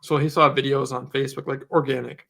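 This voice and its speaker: This man's voice is gravelly and medium-pitched, and he talks fast. Co-hosting a podcast in a casual chat, he tells lively stories, performing the dialogue of customers he's dealt with.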